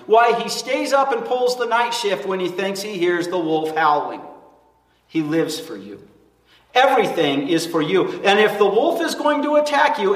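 Male pastor, emphatic sermon, high and expressive, echoing church hall. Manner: emphatic, animated preaching. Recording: echoey church hall from far off.

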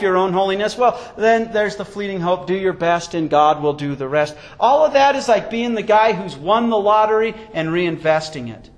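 A man with a high voice preaches a sermon as a pastor, and his delivery swings up and down for emphasis. He addresses the congregation directly and closes in prayer. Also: lively intonation, moderate pace, few pauses. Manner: emphatic preaching with sweeping rises and falls.

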